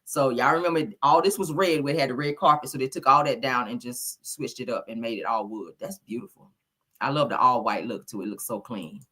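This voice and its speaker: A woman's voice: a bass voice, brisk, sharp tone, breathy edge. A woman hosting a gossip channel, chatting casually and gushing, calling her viewers honey and child. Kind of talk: casual commentary.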